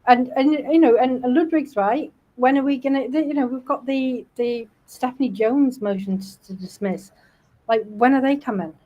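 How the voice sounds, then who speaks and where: A woman's voice: high-pitched, moderate pace, highs cut off. A British woman hosting a casual livestream panel chat, talkative and snarky, often breaking into laughter. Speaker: livestream host.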